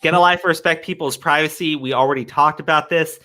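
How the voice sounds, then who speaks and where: A man's voice: fairly high pitch, steady tone, a little fast, bright, forceful tone. Heated, swearing young-sounding male commentator. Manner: heated, swears a lot, stammers and repeats words. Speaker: commentary show host. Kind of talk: casual commentary chat.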